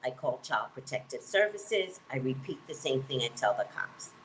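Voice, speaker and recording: A woman who works as a psychic reader, telling a personal story in an emphatic, animated way and acting out the dialogue. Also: extremely low pitch, normal speed, a little hiss or hum, low-quality recording.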